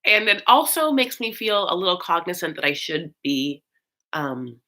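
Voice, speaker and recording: A woman hosting a casual chat, talking loosely with many fillers and swinging between high and low. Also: very animated, moderate pace, pushed and bright. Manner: chatty, swoops high and low, frequent fillers; campy, calls listeners honey. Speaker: host.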